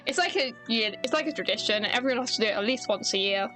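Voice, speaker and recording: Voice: mid-range voice, animated, quick pace, bright, forceful tone. A streamer casually chatting while playing a game and reading its dialogue, rambling and joking. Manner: rambling, joking, self-deprecating. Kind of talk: casual gameplay commentary, reading dialogue aloud. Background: game music.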